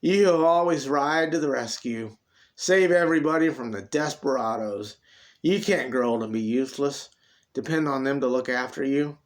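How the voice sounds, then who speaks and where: A man's voice: medium pitch, normal speed, natural voice. A man voicing a saucy, defiant young redheaded woman who is also a tender, consoling mother. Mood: sassy. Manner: sassy, later soft and consoling.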